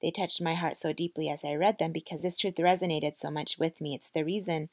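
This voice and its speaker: Podcast lady reading from a book, gravelly low voice, dry close recording. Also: fairly even intonation, a little fast, dry recording. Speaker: podcast host.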